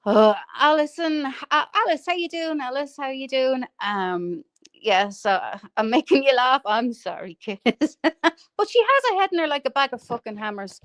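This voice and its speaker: A woman's voice: high voice, lively intonation, normal speed, a bit bright, no room sound, clean studio sound. Foul-mouthed woman, mocking rant. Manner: laughs often at her own insults. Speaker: livestream host. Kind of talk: ranting livestream chat.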